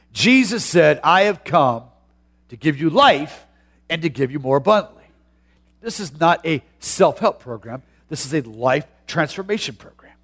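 A pastor preaching a sermon, moving from a chatty, personal tone into loud, drawn-out emphasis. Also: male voice, fairly high pitch.

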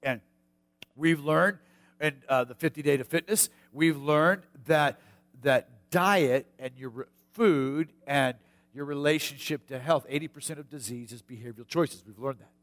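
A middle-aged man from the United States preaching a sermon, telling a personal story in a folksy way with hushed asides and sudden shouts. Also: on the high side, unhurried. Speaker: pastor.

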